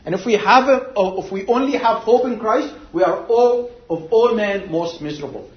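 A man preaching a sermon, slow and deliberate, telling a story and then pressing his point with emphatic swells. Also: sits high, roomy sound, muffled recording.

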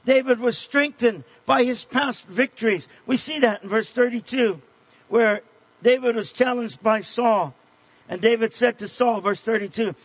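Male preacher, high husky voice, earnest sermon delivery with hushed asides. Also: measured pace, rough recording. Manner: earnest preaching, dropping to a hush for tender points.

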